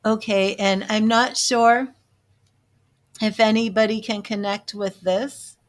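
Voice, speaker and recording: A woman hosting a live psychic reading stream speaks in a chatty, self-amused way, calling out names to her viewers. Her pitch sits in an ordinary middle range, and she slips into quiet murmured asides between questions. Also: fairly even intonation, takes it slowly. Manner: chatty, laughs at herself, drifts into soft murmured asides. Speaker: psychic medium reader.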